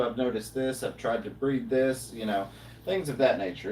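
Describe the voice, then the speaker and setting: A man hosting a casual livestream chat, talking in a relaxed, rambling way with lots of fillers. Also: medium pitch. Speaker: livestream host. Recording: roomy, distant mic, faint noise.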